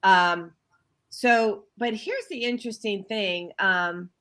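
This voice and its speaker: A woman's voice: mid-range voice, takes it slowly, bright, forceful tone. A woman guest on a talk show, chatting casually and telling stories with frequent fillers. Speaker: guest, chef and wellness coach. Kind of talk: casual interview chat.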